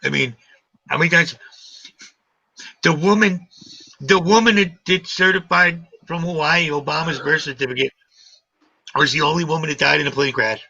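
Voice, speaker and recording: A man in his forties hosting a live stream, chatting in a rambling, animated way and swearing casually. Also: a little high, normal speed, creaky, long pauses, dry recording. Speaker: livestream host. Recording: dull lo-fi stream audio.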